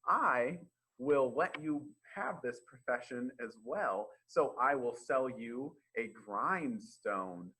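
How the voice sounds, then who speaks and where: A man's voice: mid-range voice, lively intonation, slow pace, sharp tone, slightly rough, exaggerated voice, poor audio. A man voicing a shrewd, sly male scissor grinder making a deal, in a children's storytime read-aloud. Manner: sly, dealmaking.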